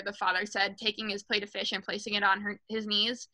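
A woman's voice: mid-range voice, level tone, fairly quick, pushed and bright, low-quality recording. A woman reading a children's novel aloud to a book club, casual and unpolished, stumbling and correcting herself now and then, lifting her voice for the characters' lines. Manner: raises her voice for quoted lines.

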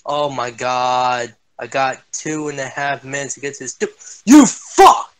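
A young man swearing and yelling his way through a shooter game as a gaming streamer. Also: mid-range voice, level tone, moderate pace, smooth. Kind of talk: angry gameplay commentary.

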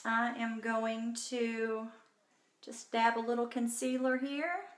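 A woman's voice: fairly high pitch, fairly even intonation, slow, reverberant, slight background noise. A woman hosting a casual live makeup tutorial from home, chatty and bubbly, talking to viewers by name. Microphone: phone.

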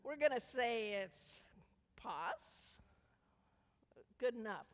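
A woman's voice: a little high, a little slow. A woman leading a children's sermon in a church, coaxing the kids with playful questions. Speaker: children's message leader. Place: church sanctuary. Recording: echoey church hall.

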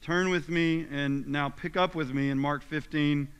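A man's voice: fairly high pitch, steady tone, a little slow, clear, resonant tone. Man preaching in a reverberant church. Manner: emphatic, dramatic scripture reading. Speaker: pastor. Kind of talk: sermon. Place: church sanctuary. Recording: long reverb of a church hall.

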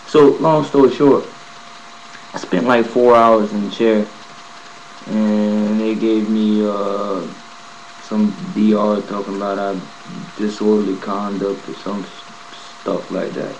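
Animated man telling a story. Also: lowish voice, takes it slowly, muffled recording, slight background noise. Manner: animated, profane, re-enacts scenes. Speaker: vlogger telling a prison story. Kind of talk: casual storytelling.

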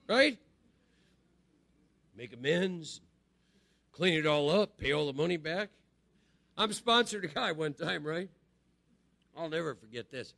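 A man's voice: on the high side, a bit bright, no echo. A middle-aged man gives a conversational spiritual recovery talk to a group, often checking in with "right?". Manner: conversational, repeats phrases and asks "right?". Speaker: recovery speaker.

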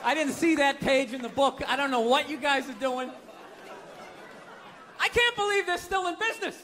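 A man's voice: extremely high pitch, moderate pace, bright, forceful tone, some chatter behind, a little hiss or hum. A man doing stand-up comedy, ranting in a profane, incredulous way before a live audience. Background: audience laughter.

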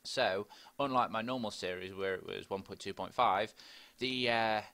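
Guy rambling thru his minecraft let's play, bright forward voice, talks to himself a lot. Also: on the low side, moderate pace. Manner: chatty, rambling, talks to himself while playing. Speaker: gaming video host.

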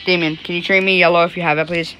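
Bright-voiced woman chatting over a game. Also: lowish voice, fast, faint music behind. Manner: chatty, breaks into excited cries. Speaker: gamer. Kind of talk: casual chat while playing an online game.

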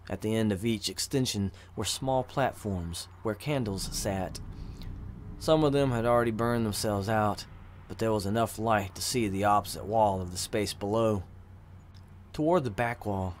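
A man narrating a fantasy story in an even, measured reading voice. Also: on the low side, a little hiss or hum. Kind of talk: audiobook narration of fantasy fiction.

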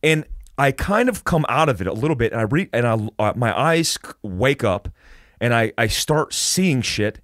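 In a casual storytelling interview, an American podcast guest recounts a wild tale, cursing a lot and frequently starting sentences over. He speaks at a moderate pace in a mid-range voice, and the studio-quality recording has no room sound.

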